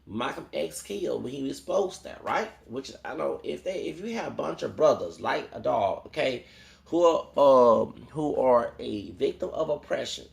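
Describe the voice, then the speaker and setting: Rambling, preachy male YouTuber ranting to camera; very gravelly, echoey room. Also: mid-range voice. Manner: rambling and preachy, quoting Bible verses and asking "okay?". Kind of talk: ranting vlog monologue. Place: home in Houston.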